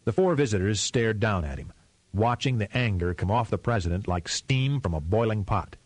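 Male audiobook narrator, low husky voice, steady measured delivery, dry close recording. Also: no room sound. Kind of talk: scripted narration.

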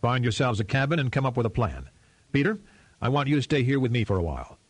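A man reading the lines of a male president, speaking quietly in a clipped, menacing way, his anger held tightly under control. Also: medium pitch, big pitch swings, fast, husky, dry recording. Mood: blunt anger. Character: furious, grimly calm male president.

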